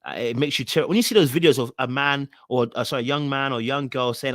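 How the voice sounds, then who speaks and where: A man's voice: medium pitch, fast, no echo. A man hosting a live podcast stream in casual chat, loosely talking and reading out viewer comments.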